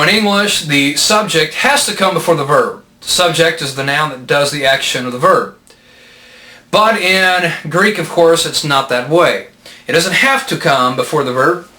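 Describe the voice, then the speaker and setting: A man gives a methodical Bible lesson, working patiently through grammar and posing questions to his listeners. His voice sits a little high and sounds bright and forceful. The recording carries a clear echo from the room. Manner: methodical, patient, explains step by step with rhetorical questions. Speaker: Bible teacher. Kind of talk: explanatory lecture.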